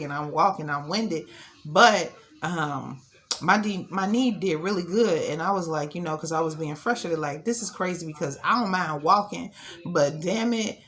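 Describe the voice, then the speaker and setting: A woman's voice: lowish voice, a bit bright. A young woman chatting candidly to her viewers in a casual vlog, talking loosely and calling them y'all. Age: young adult. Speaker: vlogger. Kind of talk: casual vlog chat to camera. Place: at home, later at a gym.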